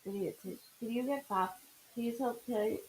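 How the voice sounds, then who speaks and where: A woman's voice: on the high side, quick pace, a little mellow, a little hiss or hum, low-quality recording. A woman hosting a live stream, emotional and apologetic, choked up and stuffed up from crying. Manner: emotional, apologetic, talks through tears. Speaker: livestream host. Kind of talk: live-stream chat with viewers.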